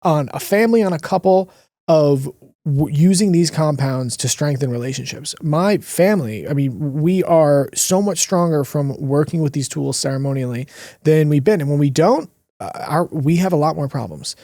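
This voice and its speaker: Earnest man with a dark voice. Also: on the high side, no room sound, clean studio sound. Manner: earnest, emotional, drawn-out pauses. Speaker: podcast co-host. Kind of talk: casual conversational storytelling.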